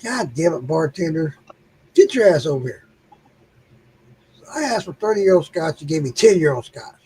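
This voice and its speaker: A man's voice: fairly high pitch, sing-song, normal speed, warm tone, slight background noise. A man voicing a grumpy bar customer in a told joke, cursing and indignant about his scotch.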